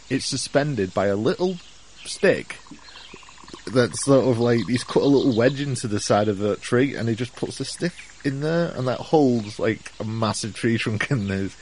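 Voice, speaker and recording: A man's voice: medium pitch, normal speed, a little mellow, a little hiss or hum. Rambling man retelling film scenes. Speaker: podcast co-host. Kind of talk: casual film chat.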